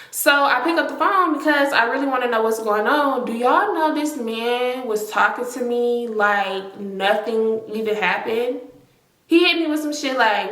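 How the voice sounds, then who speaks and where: A woman's voice: high voice, normal speed, sharp tone. A woman telling a casual storytime vlog, emphatic and repeating lines for effect. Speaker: storytime vlogger. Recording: roomy echo.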